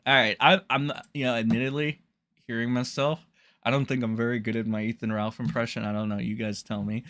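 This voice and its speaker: A man's voice: medium pitch, little pitch movement, a little fast, a bit bright, no echo, studio quality. A man ranting in a casual commentary, profane, scornful and rambling.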